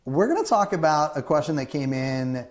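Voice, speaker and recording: A man's voice: on the high side, moderate pace. Rambling male host, casual chat. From Southern California. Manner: rambling, restarts often, acts out quoted people.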